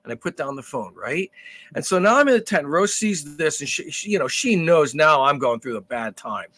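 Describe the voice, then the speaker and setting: A male podcast co-host swears freely while telling an animated story in casual chat, at a normal speed. His voice is a little high for a man, and the sound is dry and close without room echo.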